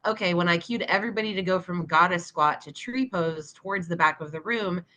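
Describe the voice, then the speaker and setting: A woman's voice: lowish voice, fairly quick, sharp tone. A woman who teaches yoga, co-hosting a podcast in casual chat, talking emphatically and swearing for emphasis.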